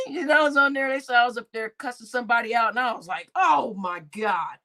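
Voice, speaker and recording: A woman's voice: high-pitched, fairly bright tone. A middle-aged woman chatting on a live stream, reading out chat names, laughing often and swearing freely.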